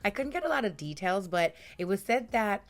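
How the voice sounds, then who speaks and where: A woman's voice: medium pitch, very animated, fairly quick. A woman hosting her own true crime channel, telling stories to camera in a casual, chatty way, her voice strained with its upper range gone. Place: home room, lawn mowing heard outside.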